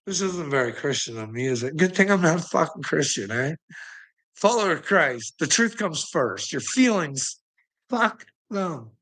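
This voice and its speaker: A man's voice: on the high side, big pitch swings, moderate pace, fairly bright tone, low-quality recording. A man delivering a profane, rambling rant, swearing constantly and breaking into laughter between phrases. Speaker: online commentator.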